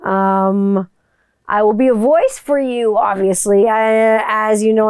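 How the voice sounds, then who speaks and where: A woman's voice: medium pitch, fairly even intonation, takes it slowly, smooth, dry recording, clean studio sound. A woman hosting her own podcast, talking casually and candidly, swearing freely and circling back through restarts. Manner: candid and profane, with rambling restarts. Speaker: podcast host. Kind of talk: casual solo podcast monologue. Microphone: studio microphone.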